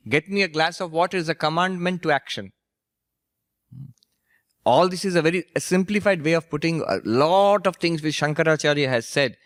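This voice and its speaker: A monk and spiritual teacher giving a storytelling lecture, anecdotal and gently humorous. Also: male voice, on the high side, no echo, studio quality. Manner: anecdotal, gently humorous, laughs at his own stories.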